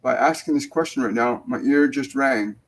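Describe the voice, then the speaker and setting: A man hosting a live mediumship show, relaying messages gently and hesitantly, with many fillers and restarts. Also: mid-range voice, moderate pace, low-quality recording. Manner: soft, dropping almost to a whisper when relaying tender messages. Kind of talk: casual live mediumship reading.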